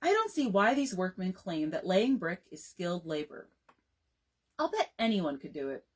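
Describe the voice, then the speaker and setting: A woman's voice: fairly low pitch, big pitch swings, moderate pace, slightly rough. A woman reading aloud as a brash, teasing middle-aged man with a New England twang, breezy and patronizing. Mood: boastful.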